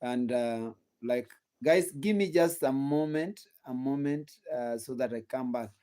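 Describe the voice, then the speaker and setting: On his gossip live stream, a young man with a Kenyan accent speaks at a measured pace in a dark, medium-pitched voice. He's sleepy and yawning throughout, circling back to the same points and asking viewers questions he doesn't expect answered.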